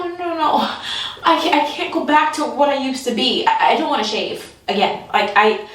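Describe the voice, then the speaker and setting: Woman, comic storyteller, animated, fairly high voice, very echoey room, set back from the mic. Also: distant mic. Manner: animated, laughs often, acts out voices. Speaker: comedian. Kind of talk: storytelling comedy.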